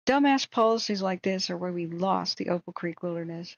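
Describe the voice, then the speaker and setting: A hoarse woman hosting a wildfire tracking livestream, ranting in angry, exasperated commentary. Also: lowish voice, animated, fairly quick, dry recording, dull audio.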